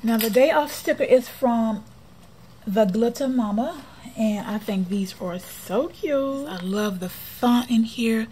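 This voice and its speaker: A woman chatting casually while decorating her planner for a vlog, often dropping to a soft near-whisper. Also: medium pitch, slightly rough. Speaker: planner vlogger.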